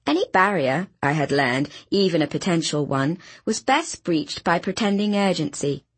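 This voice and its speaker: A woman reading an audiobook in a brisk, wry storytelling manner, with a husky voice. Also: on the low side, expressive, dry recording. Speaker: audiobook narrator. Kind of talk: scripted narration.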